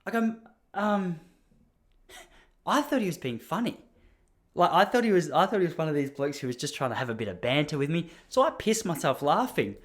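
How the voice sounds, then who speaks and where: A man's voice: fairly high pitch, sing-song, fast talker. An Australian man hosting a podcast, telling a story in a casual, ranting way with mock outrage. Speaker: podcast host.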